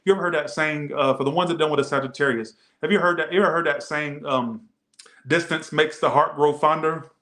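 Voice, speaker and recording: A man's voice: on the high side, steady tone, brisk, pushed and bright, reverberant. A man doing a casual tarot reading, rambling and swearing, often repeating himself. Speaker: tarot reader.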